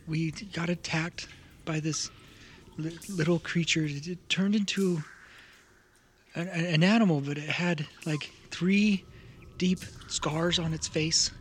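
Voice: mid-range voice, a little hiss or hum, pitched above the performer's own voice, lightly acted. A game master voicing a frightened young dragonborn that stutters and hyperventilates. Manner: stammering, halting.

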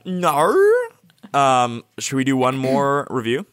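Slow, lively-voiced male comedy co-host. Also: medium pitch, dry recording. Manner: playful, sings in character. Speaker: podcast co-host. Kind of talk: improvised comedy banter.

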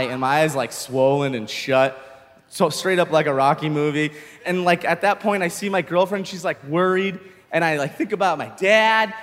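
A young man doing stand-up comedy, telling a story in an animated way, swearing freely and acting out shouts. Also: high voice, in a large hall.

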